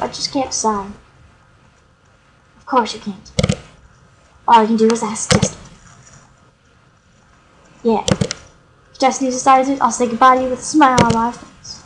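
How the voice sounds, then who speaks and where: A woman doing casual let's play commentary, reading the game's dialogue aloud with playful asides. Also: high voice. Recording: noisy home recording.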